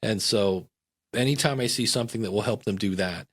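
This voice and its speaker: Middle-aged male guest, casual and animated, a storyteller who slips into voices. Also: fairly low pitch, a little fast, husky. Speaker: podcast guest.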